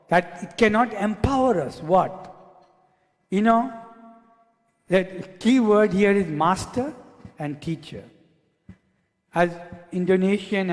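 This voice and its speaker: A man's voice: high voice, a little mellow. A male pastor preaching a sermon who repeats key words again and again for emphasis. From Asia. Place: church hall. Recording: long church hall reverb.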